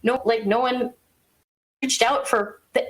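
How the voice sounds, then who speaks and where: Animated woman co-host, higher voice. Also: low-quality recording. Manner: animated, exasperated retelling with quick asides and laughs. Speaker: podcast co-host. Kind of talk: casual storytelling chat.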